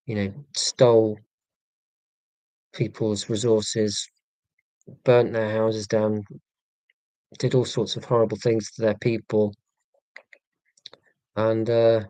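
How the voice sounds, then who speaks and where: A man's voice: lowish voice, level tone, slow, pauses often, warm tone, dry recording. An English man hosting a casual live stream, rambling and self-mocking, with many ums. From England.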